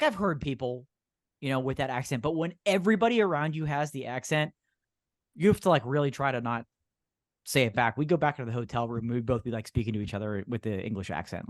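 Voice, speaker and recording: A man co-hosting a podcast in casual chat, a relaxed storyteller who laughs often. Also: medium pitch, dry recording, studio quality. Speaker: podcast co-host.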